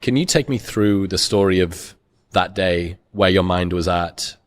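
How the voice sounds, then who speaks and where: A podcast host with a low voice asks his guest reflective questions. He speaks in a calm, measured way and gives each question room. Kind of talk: interview questions.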